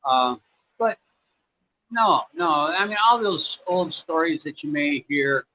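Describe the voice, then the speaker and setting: An American man streams casually from his home in Cambodia, answering viewer questions in a rambling, laid-back way full of fillers. His voice sits on the high side, with lively intonation and a slow pace. The sound is slightly dull, with faint background noise.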